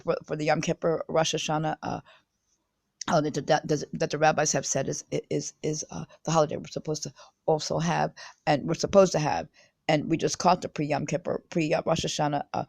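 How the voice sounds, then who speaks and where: A woman's voice: deep voice, little pitch movement, brisk, vocal fry, darkish tone, dry recording. A woman talking straight to her viewers in a rambling monologue. She halts and restarts often, repeats words, and grows insistent and agitated. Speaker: self-published video speaker. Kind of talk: rambling direct-address monologue.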